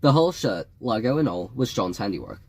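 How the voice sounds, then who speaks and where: A man reading an audiobook in a wry, measured storytelling manner. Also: on the low side, very animated, vocal fry, husky. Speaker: audiobook reader. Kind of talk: audiobook narration.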